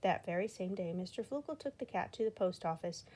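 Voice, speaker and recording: Husky woman reading a children's story. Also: lowish voice, expressive, brisk, dark tone. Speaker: storybook reader.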